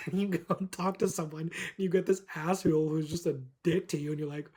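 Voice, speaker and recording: A man's voice: on the high side, brisk, warm tone, breathy edge. A young man from Calgary ranting casually to camera as a vlogger, swearing a lot, laughing often and rambling. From Calgary, Canada.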